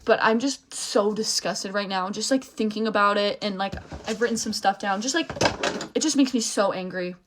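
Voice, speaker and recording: A young woman with a medium-pitched voice rants to camera at normal speed, with background noise behind her. As a social media creator in a heated mood, she swears often, stresses her words, and restarts or trails off while upset.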